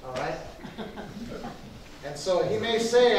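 A man preaching to a church class as pastor, telling a story with lively quoted voices. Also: fairly high pitch, a little slow, pauses often, slight background noise. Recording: echoey room from far off.

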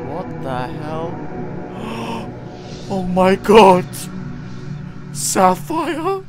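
A man voicing a jumpy young amateur detective who mutters his clues in a low voice and yelps when scared. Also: sing-song, very slow, music in the background, heavily acted. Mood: nervous. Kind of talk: comedic game voice-over.

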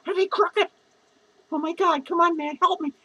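A man's voice: extremely high pitch, fairly even intonation, normal speed, pushed and bright, highs cut off. A man playing a drunk, foul-mouthed lonely clown who rambles, slurs and giggles through a comedy monologue. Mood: drunk, rambling. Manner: slurred, rambling, swearing constantly, giggling. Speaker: comedy character performer.

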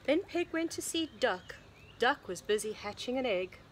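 A preschool teacher, a woman, reading a picture book aloud to young children in a sing-song storybook voice with hushed asides. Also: fairly high pitch, lively intonation, moderate pace, slight background noise. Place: home or classroom, recording online lesson.

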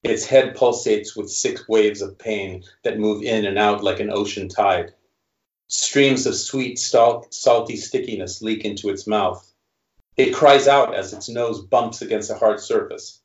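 A male author reading his own fiction aloud in a measured narration, then answering questions. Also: on the low side. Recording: roomy, dull recording.

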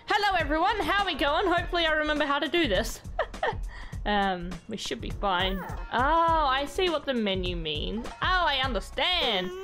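A woman's voice: high voice, expressive, moderate pace, pushed and bright, soft background music. A woman hosting a gaming channel, giving chatty let's-play commentary and talking to the game characters.

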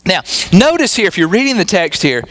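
A man with a notably high voice preaches to his congregation. He keeps the tone conversational and leans on rhetorical tag questions to pull listeners along. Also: very animated, brisk, a bit bright, faint music behind, poor audio. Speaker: pastor. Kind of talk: sermon.

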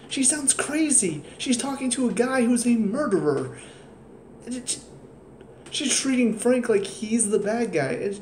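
Sounding tired, a man rants casually about a TV episode, exasperated and dropping sarcastic asides. His voice sits high and is a little mellow. Slight background noise, faint ambience, and a roomy echo surround the recording.

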